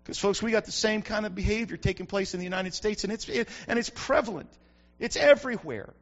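A male pastor preaching an emphatic sermon that builds to shouts, recorded on a dull lo-fi recording. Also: high-pitched, brisk. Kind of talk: fiery sermon.

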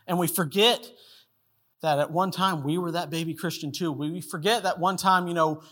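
A man's voice: a little high, steady tone, moderate pace, a bit bright. A man preaching a sermon, telling a story in a casual way and acting out the people in it. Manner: storytelling, acts out quoted voices. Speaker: pastor.

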